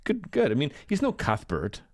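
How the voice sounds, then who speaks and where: A man's voice: fairly high pitch, wildly swooping pitch, normal speed, dry recording, studio quality. A man co-hosting a casual podcast, chatty and rambling, laughing often and swearing casually. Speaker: podcast co-host. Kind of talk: casual chat.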